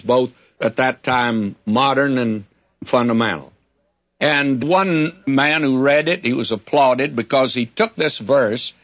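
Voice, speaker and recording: Man, folksy Bible teacher, husky voice, lively swinging pitch, dull lo-fi recording. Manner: folksy, emphatic, animated storytelling. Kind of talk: sermon-style Bible exposition.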